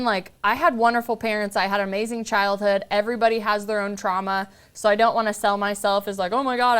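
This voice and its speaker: A woman's voice: medium pitch, fairly bright tone, smooth. A woman in her thirties, a podcast guest, chatting casually and telling stories with quoted voices and plenty of "like". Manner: chatty storyteller, acts out quotes, lots of "like". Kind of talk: casual conversational interview.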